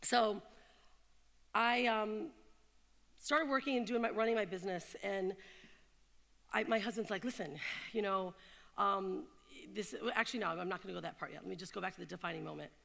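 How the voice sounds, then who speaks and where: A woman's voice: medium pitch, fairly quick, creaky, pauses often. A woman in her thirties giving a motivational talk to an audience, telling stories and asking the crowd questions. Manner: animated storyteller, asks the crowd questions. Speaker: keynote speaker. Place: event hall in London. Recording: long reverb of a hall.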